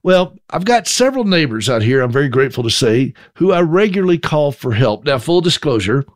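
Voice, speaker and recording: A man's voice: a little high, sing-song, a little fast, no room sound, studio quality. A middle-aged man from South Carolina with a Southern accent, telling a folksy, self-deprecating story as a monologue.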